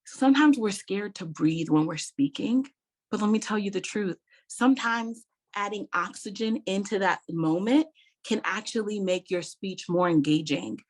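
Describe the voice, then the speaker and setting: Lively middle-aged woman teaching public speaking. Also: mid-range voice, normal speed. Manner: lively, conversational, repeats key points with emphasis; laughs between points, addresses viewers directly. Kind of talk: online workshop lecture.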